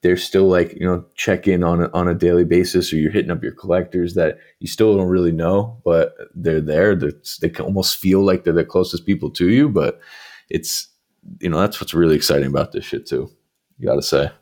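A man's voice: low-pitched, steady tone, fairly quick, darkish tone. A man, a guest artist on a podcast, talking in a laid-back casual way with lots of filler and some swearing. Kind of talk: casual chat.

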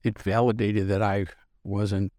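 Low-voiced self-deprecating man in his sixties. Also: level tone, a little slow, darkish tone, dry recording, studio quality. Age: 60s. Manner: self-deprecating, rambling, with frequent restarts. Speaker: podcast guest, business founder. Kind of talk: casual storytelling interview.

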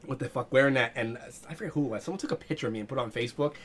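A man's voice: mid-range voice, very fast, fairly bright tone. Profane laughing young man telling stories. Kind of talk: casual crude banter.

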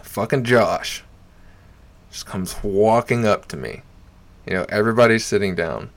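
In an unhurried, lowish voice, this man, an amateur stand-up comic, meanders through a story set in a bar. His talk is packed with curses and fillers like "you know" and "like," and he laughs with lively energy as he goes.

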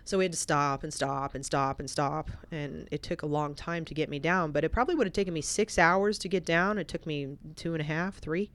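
Low-voiced woman telling a story. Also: brisk, hardly any pauses. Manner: animated, vivid storytelling that turns quiet and reflective. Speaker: podcast guest. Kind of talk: casual storytelling.

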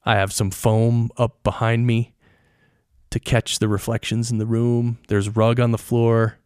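A man's voice: medium pitch, little pitch movement, measured pace, darkish tone, clear, resonant tone, no echo. A middle-aged man hosting a podcast, explaining things casually and asking the listener questions, close to his microphone in a treated home studio. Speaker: podcast host and audio engineer. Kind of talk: casual solo podcast talk.

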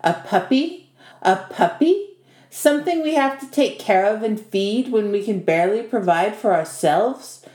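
A woman's voice: medium pitch, expressive, measured pace, darkish tone, echoey room, lightly acted. A woman voicing a poor old peasant mother who pleads and laments, reading a folk tale aloud. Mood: lamenting.

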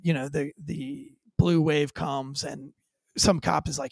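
Man, ex-police officer guest, lively storyteller, gravelly edge, fairly high voice. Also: moderate pace, no echo. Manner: high-energy, vivid storyteller acting out quoted lines. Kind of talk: animated storytelling interview.

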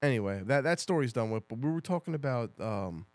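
A man co-hosting a podcast, chatting casually, telling an animated story with lots of swearing and impressions of others. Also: medium pitch, a little fast, no echo. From New Jersey. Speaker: podcast co-host. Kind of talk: casual chat. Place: podcast studio.

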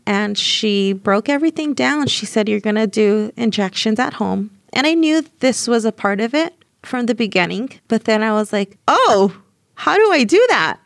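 A young woman recounts her experience in a relaxed interview, her mid-range voice jumping up as she replays arguments. The sound is close and dry, with no room around it. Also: medium pitch, vocal fry, no echo. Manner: animated, voices rise when reenacting scenes. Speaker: surrogate telling her story. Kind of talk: conversational interview storytelling.

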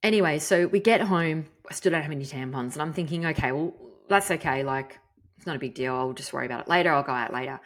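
Aussie mum podcaster, low voice, chatty and candid, swears a bit. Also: female voice, quick pace. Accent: Australian. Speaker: podcast host. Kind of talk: casual storytelling monologue.

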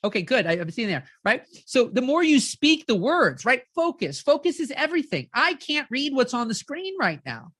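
A woman life coach giving an energetic live-streamed motivational talk, keeps checking in with her audience and acts out inner voices. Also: high voice, moderate pace, few pauses, breathy edge, no room sound, clean studio sound.

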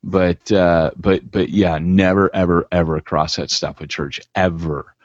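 A man's voice: deep voice, steady tone, unhurried, no echo. A man co-hosting a podcast in casual chat, talking in a blunt, emphatic way. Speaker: podcast co-host. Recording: dull lo-fi podcast audio.

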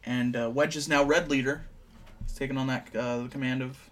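A young man in casual chat, recapping scenes with quick offhand quips. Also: medium pitch, steady tone, a bit bright. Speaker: co-host.

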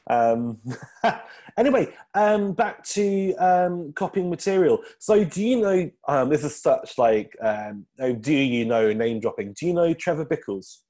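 A man's voice: fairly high pitch, big pitch swings, unhurried, dark tone. A man, a comedian chatting as a podcast guest, rambling with lots of ums and restarts. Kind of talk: casual interview chat.

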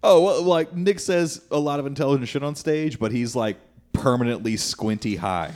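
A man's voice: mid-range voice, normal speed, a little mellow. A man teasing his friends in a laid-back, filler-heavy way on a comedy podcast. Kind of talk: casual chat.

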